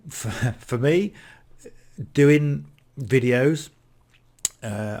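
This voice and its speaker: A man's voice: fairly low pitch, darkish tone. A man in his fifties with a British accent, talking casually to camera about online marketing, reflective and prone to restarting his sentences. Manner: conversational, restarts often, self-reflective. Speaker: affiliate marketing vlogger.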